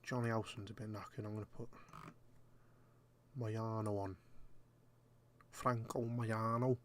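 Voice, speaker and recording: A man's voice: on the low side, flat delivery, normal speed, slight background noise. A young man giving casual, jokey commentary while playing a game, muttering asides to himself. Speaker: gaming YouTuber.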